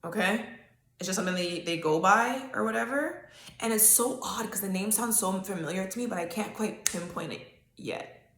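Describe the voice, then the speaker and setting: A woman's voice: mid-range voice, moderate pace, a bit bright, echoey room. A woman hosting a solo podcast, chatting casually and talking straight to her listeners with frequent okays. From Canada. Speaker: podcast host. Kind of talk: solo psychic-reading podcast talk.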